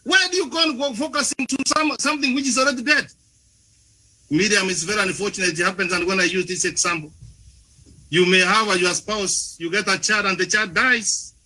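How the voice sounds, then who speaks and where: A man's voice: high voice, brisk, pushed and bright, rough recording. A man speaking at a panel forum, making an impassioned speech full of rhetorical questions, often restarting his words and turning to the moderator by name. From Africa. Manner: frequent restarts and repeated words.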